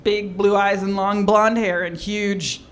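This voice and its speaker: A woman's voice: mid-range voice, steady tone, slow pace. A woman doing a wry, self-deprecating stand-up comedy set. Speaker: stand-up comic.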